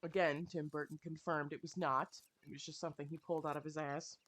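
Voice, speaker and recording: A woman's voice: low-pitched, fast talker. Young woman, casual streamer rant, heavy swearing, exasperated. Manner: swears a lot, animated and exasperated. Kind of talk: casual rant while playing a game.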